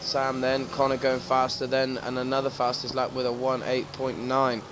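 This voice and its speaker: Excitable male racing commentator, sweary and jokey, noisy stream audio. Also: mid-range voice, normal speed. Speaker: race commentator.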